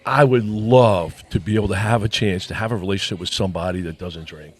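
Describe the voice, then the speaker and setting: A man with a lowish voice tells a long personal story in a relaxed chat. He slips into the voices of the people he quotes as he goes. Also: fast, husky. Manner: animated storyteller acting out quoted dialogue. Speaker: podcast co-host.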